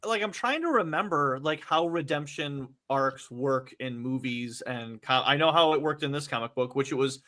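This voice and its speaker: A man's voice: fairly high pitch, moderate pace, few pauses, bright, forceful tone. A man on a podcast talking about a show scene in emphatic casual chat, swearing freely. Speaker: podcast co-host.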